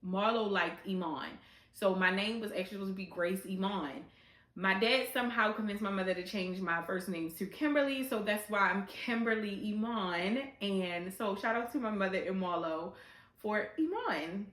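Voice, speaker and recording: A woman's voice: medium pitch, moderate pace, fairly bright tone, reverberant. A woman in her thirties hosting a podcast, talking candidly and bluntly in a casual monologue with some swearing. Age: 30s. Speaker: podcast host.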